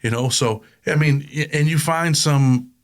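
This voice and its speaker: A middle-aged man talking as a guest in a casual interview, telling stories in animated, plain street talk. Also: on the high side, a little slow. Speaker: guest, prison consultant.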